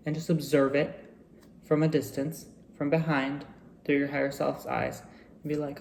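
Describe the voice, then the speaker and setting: Casting: man with a gravelly voice, relaxed and reflective casual vlog chat. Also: on the high side, fairly quick, slight background noise. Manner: relaxed, reflective, chatty with frequent fillers. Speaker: vlogger.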